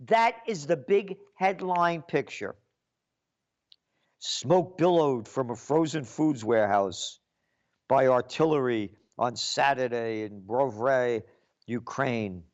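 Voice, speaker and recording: A man's voice: mid-range voice, takes it slowly, lo-fi sound. A man giving an indignant, repetitive political rant as a commentator.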